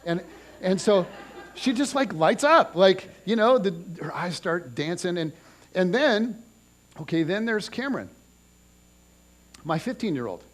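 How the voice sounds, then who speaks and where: In a church auditorium, a pastor in his forties preaches a conversational sermon, telling animated family stories and restarting his sentences often. His voice is high-pitched, a little slow, with long pauses.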